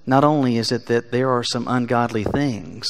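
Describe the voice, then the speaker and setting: A man's voice: medium pitch, steady tone, normal speed, slight background noise. Earnest man preaching a sermon. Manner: earnest, builds to emphatic peaks then drops quiet. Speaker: pastor. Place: church sanctuary.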